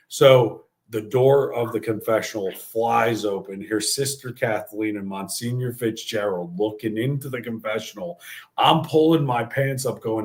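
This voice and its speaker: A man's voice: on the low side, normal speed. A man in his thirties from the Bronx with a New York accent, hosting a podcast and telling a crude, joking story. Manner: profane and joking. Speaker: podcast host.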